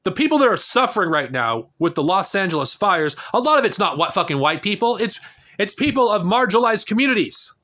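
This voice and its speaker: A man in his thirties, a political vlogger, delivers an angry, profane rant to a camera, recorded on the camera mic. His voice is high, bright and forceful, very animated and a little fast. He talks heatedly and often restarts his sentences.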